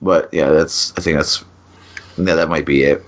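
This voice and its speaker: Podcast co-host, man, very low voice, easygoing anecdotal delivery. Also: fairly even intonation, moderate pace. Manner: laid-back, playfully profane. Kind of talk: casual chat, anecdotes.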